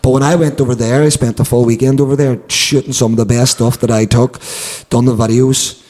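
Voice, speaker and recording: A man co-hosting a podcast, talking excitably with swearing and stumbling restarts. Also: mid-range voice, fairly quick. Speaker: podcast co-host. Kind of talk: casual chat.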